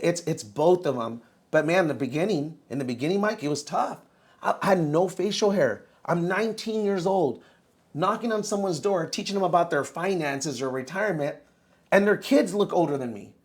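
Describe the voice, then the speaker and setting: A man in his thirties tells his own story on a podcast, with a voice a little higher than most men's. He talks casually and with energy, calling the host bro as he goes. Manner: animated, says bro a lot. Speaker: podcast guest.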